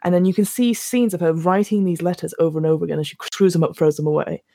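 A fast-talking woman with a gravelly, lowish voice co-hosts a casual podcast reviewing films, acting out characters' lines while retelling scenes and restarting often. The studio sound is clean, with no room sound.

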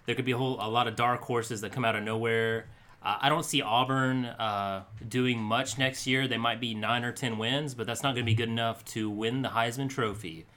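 Male co-host, mid-pitched, loose joking banter, casual sports talk. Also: fairly even intonation, fairly quick, bright, forceful tone. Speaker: podcast co-host.

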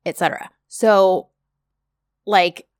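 A chatty woman co-hosting a podcast, her talk rambling from one point to the next with lots of ums and likes. Her voice sits at an ordinary middle pitch. The recording is close and dry, with no room sound. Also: fairly even intonation, slow, smooth, no room sound. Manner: rambling and chatty, with frequent fillers. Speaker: podcast co-host. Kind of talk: casual chat.

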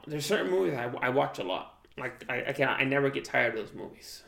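A man's voice: mid-range voice, animated, a little fast, creaky, fairly bright tone. A young man chatting casually with a friend, rambling and slangy, full of "like" and "dude". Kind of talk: casual chat. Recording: echoey room.

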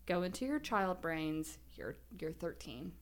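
A woman's voice: on the low side, sing-song, measured pace. A young woman co-hosting a casual podcast, telling stories in a rambling way with lots of laughter and fillers. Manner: rambling, laughs often, filler-heavy storytelling. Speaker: podcast co-host. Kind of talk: casual chat.

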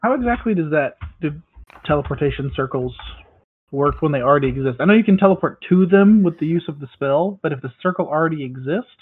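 A man playing a tabletop game, chatting casually with quick joking asides. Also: on the high side, animated, breathy edge. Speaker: player. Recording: tinny phone-like line.

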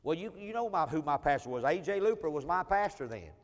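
A man preaching a sermon, telling a personal testimony in a folksy style and swinging between loud and soft. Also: fairly high pitch, lively intonation, quick pace, slight background noise. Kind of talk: sermon storytelling. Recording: long hall reverb.

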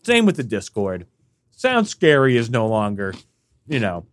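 Measured in pace, his mid-range voice comes through without echo as he co-hosts a laid-back podcast. He jokes around with his partner, lively and animated, though sniffly and sneezing.

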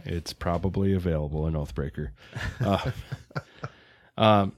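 A man's voice: deep voice, a little slow. A young man co-hosting a podcast, running a quiz game with joking, theatrical game-show delivery on a close mic. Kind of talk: casual podcast banter.

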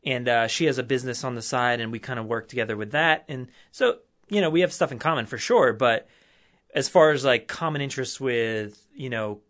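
A man guesting on a podcast who talks in a relaxed, hesitant way with lots of fillers. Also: mid-range voice, brisk. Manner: easygoing, hesitant, filler-heavy. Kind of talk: casual chat.

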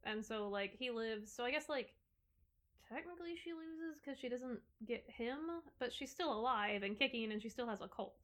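Woman, casual podcast chat, higher pitch, filler-heavy. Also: lively intonation, normal speed, fairly bright tone.

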